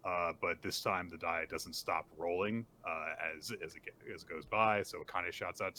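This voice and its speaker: A man with a low, deep voice and a bright, forceful edge talks through comic chapters in casual podcast chat. He piles up "uh"s and "like"s as he retells scenes. He slips into quick voiced quotes for each character. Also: fairly even intonation. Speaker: podcast co-host.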